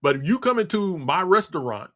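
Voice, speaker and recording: Brisk and fairly bright, a high-voiced male radio host swings his pitch widely through a political rant. He scolds bluntly and repeats himself a lot.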